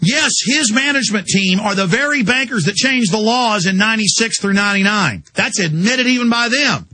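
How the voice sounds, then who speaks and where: A male radio talk show host with a high, bright, expressive voice and a husky edge delivers an impassioned political monologue. He speaks rapidly, heated and insistent, firing off rhetorical questions.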